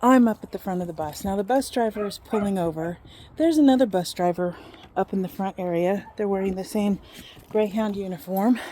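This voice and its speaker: A woman in her fifties casually telling a personal story, animated and acting out what people said. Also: mid-range voice, a little fast, a little hiss or hum. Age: 50s.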